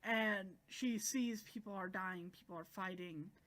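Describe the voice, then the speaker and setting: A woman's voice: medium pitch, a little slow. Chatty woman recapping a manga. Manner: chatty, animated, acts out quotes. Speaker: manga reviewer.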